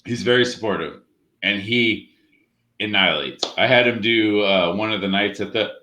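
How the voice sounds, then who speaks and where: Man, comedy host, bright tone, giggly, loose casual banter, video call. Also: lowish voice, normal speed. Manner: laughing, loose storyteller who swears casually.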